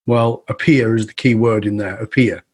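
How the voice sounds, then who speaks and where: A man's voice: fairly low pitch, moderate pace. A middle-aged man as a podcast guest, telling a story in conversation and acting out the voices of the people he quotes. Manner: animated, acts out quoted voices.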